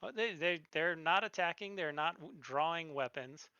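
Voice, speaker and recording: Bright-voiced game master setting a scene. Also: medium pitch, animated, highs cut off, a little hiss or hum. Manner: unhurried, descriptive scene-setting. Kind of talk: narrating a tabletop game.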